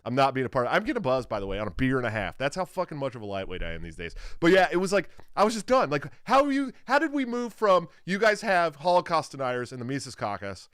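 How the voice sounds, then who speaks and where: A young adult man on a podcast, his voice a bit high and swinging widely as he acts out other people's lines. The sound is dry and close, with no room around it. He curses freely and tells his stories with lots of energy. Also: huge pitch swings, quick pace, few pauses, fairly bright tone, clean tone, no room sound. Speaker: podcast host. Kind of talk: casual chat.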